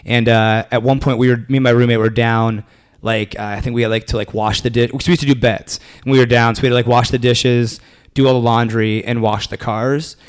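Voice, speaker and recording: A man's voice: medium pitch, level tone, fairly quick, clean tone. A young man in his twenties, a comedian telling a rambling story in a casual interview, full of fillers and restarts. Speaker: comedian guest.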